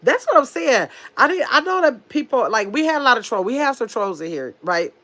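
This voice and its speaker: A woman's voice: on the high side, sing-song, brisk, bright, forceful tone. Woman, casual livestream host, chatty and easygoing, reads comments aloud. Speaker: livestream host reading chat.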